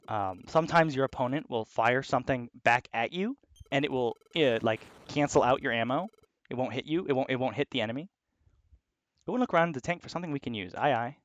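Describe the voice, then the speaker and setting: A man giving casual commentary as he plays a video game, excitable and swearing freely. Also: mid-range voice. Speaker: let's play host.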